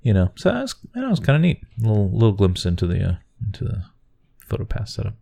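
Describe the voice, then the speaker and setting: Deep-voiced man telling animated stories. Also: quick pace, gravelly. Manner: animated storytelling, exasperated asides. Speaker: podcast co-host. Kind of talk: casual podcast chat.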